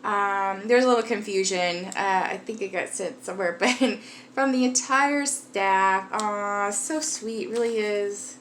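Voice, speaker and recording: A woman's voice: mid-range voice, unhurried, fairly bright tone. Woman vlogger, casual rambling talk, tired, faint hiss behind. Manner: chatty, rambling, laughs often. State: tired, jet lagged. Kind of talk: casual vlog chat.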